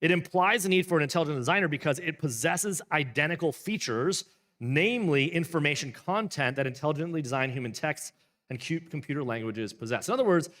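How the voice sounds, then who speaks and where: A man's voice: a little high, lively intonation, fairly quick, fairly bright tone, in a large hall. A man, a pastor, reading a book aloud and explaining it in a casual, rambling way with playful asides. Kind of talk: live book reading with commentary.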